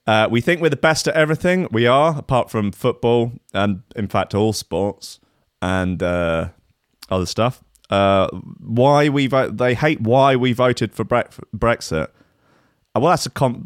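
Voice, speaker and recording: Reading through a list, this young Englishman swears, makes sarcastic, offhand remarks, and chuckles at his own jokes. The recording captures his mid-range voice cleanly in a studio, without echo.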